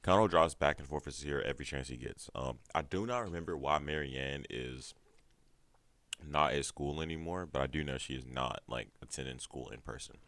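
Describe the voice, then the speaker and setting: Very deep-voiced man recapping a show. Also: normal speed, a bit bright, dry recording. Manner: casual, profane, laughs often. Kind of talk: casual episode recap.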